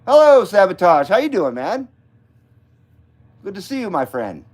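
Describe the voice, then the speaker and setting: A man with a fairly high voice hosts a casual late-night live stream, rambling from topic to topic. His talk is loose and sprinkled with profanity. He keeps breaking off to greet his viewers by name. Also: sing-song, moderate pace. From Nevada, US.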